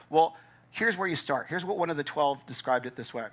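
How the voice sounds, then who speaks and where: A man's voice: a little high, fairly quick. A man preaching a sermon as pastor, emphatic and conversational, acting out his listeners' doubts. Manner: animated, acts out doubting listeners' thoughts.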